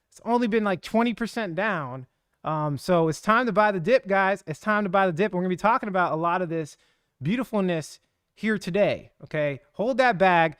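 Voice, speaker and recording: A man hosts a livestream in a fast, hyped, slangy rush. His voice sits high and comes across smooth and clear. The sound is dry and close, with no room echo. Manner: energetic, slangy, hype-driven. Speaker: crypto livestream host. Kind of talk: casual hyped livestream talk.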